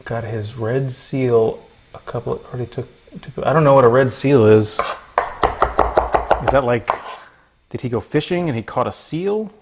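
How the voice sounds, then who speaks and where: A man's voice: medium pitch, moderate pace, long pauses, slight background noise. A man hosting a cooking livestream from his kitchen, chatting playfully and joking with viewers as he cooks. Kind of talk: casual livestream chat while cooking. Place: home kitchen.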